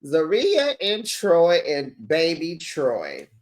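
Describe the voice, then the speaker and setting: A woman hosting a casual reality TV recap, chatty and animated, talking straight to her viewers. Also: sits low, slow. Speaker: recap channel host.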